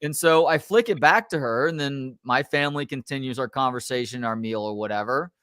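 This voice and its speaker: A middle-aged man, a sports talk show host, telling a story in a casual, animated and exasperated way, swearing now and then. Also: mid-range voice, fairly quick, clear, resonant tone, no echo, clean studio sound.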